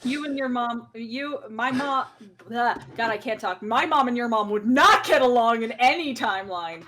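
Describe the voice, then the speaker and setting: Lively podcast host woman, slightly high voice. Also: slight background noise. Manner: animated, laughing, quick restarts. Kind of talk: casual chat.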